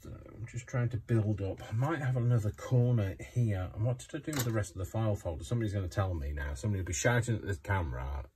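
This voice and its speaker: A man's voice: fairly low pitch, fast talker, hardly any pauses, a little mellow, a little hiss or hum. A man chatting casually while crafting at home, rambling, joking and apologising in a self-mocking way. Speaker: craft vlogger.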